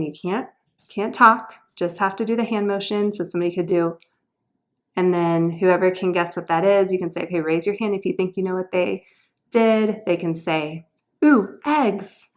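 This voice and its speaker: A woman sharing homeschool tutoring ideas in a casual, upbeat instructional video, explaining each activity and then showing how it goes. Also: mid-range voice.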